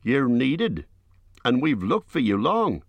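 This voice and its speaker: A man's voice: mid-range voice, very animated, slow pace, dry recording, muffled recording, pitched above the performer's own voice, full character voice. A man voicing a tall, sure-footed messenger who speaks firmly and earnestly. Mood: urgent.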